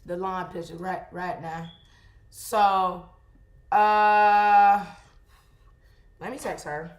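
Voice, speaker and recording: Animated woman chatting in an echoey room. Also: fairly low pitch, a little slow, lo-fi sound. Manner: animated, exclaiming, chats directly to viewers. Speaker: photographer. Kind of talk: casual vlog chat while editing photos.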